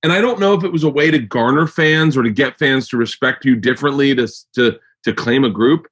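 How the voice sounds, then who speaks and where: In casual podcast chat, an American host rambles, curses and keeps restarting himself. His medium-pitched voice is brisk, fairly bright and slightly rough.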